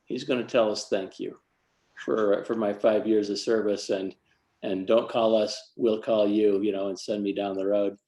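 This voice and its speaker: A man's voice: lowish voice, level tone, normal speed, mellow. Earnest man telling a story, roomy sound. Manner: earnest, lightly self-mocking. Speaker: church youth leader. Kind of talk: personal story in a devotional talk.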